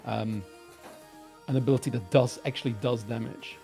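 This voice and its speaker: A man co-hosting a casual podcast chat, animated and quick to laugh as he thinks aloud. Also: medium pitch, creaky, faint music behind. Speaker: podcast co-host. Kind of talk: casual game design chat.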